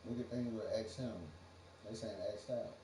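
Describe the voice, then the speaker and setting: On a livestream, a man delivers a rambling, profane monologue full of free association and frequent laughter. His medium-pitched voice is dark, moves little in pitch, and runs at normal speed, captured distantly in a roomy setting with faint background noise.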